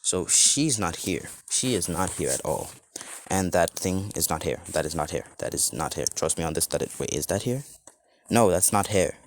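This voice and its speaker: Man, deep voice, rambling storyteller, casual improvised fan story, faint background hiss. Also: lively intonation, moderate pace. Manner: rambling, full of "like" and restarts. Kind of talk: improvised fan-fiction narration.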